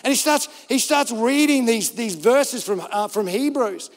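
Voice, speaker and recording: An Australian pastor preaching a sermon with a high, lifted voice. He tells stories in an animated way and acts out the voices of others. His words ring out with a long reverb through a church hall. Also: unhurried.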